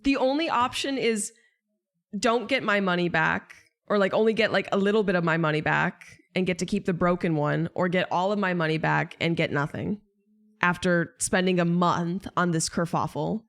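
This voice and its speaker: A woman's voice: on the low side, normal speed, vocal fry. Exasperated young woman venting on stream. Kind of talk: casual chat to stream viewers.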